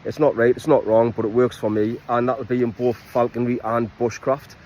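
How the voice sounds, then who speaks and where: A man's voice: mid-range voice, fairly even intonation, normal speed, darkish tone, a little hiss or hum, low-quality recording. A man with a thick Geordie accent, a falconry and bushcraft instructor, casually introducing his new vlog with frequent ums and restarts, recorded on an iPhone.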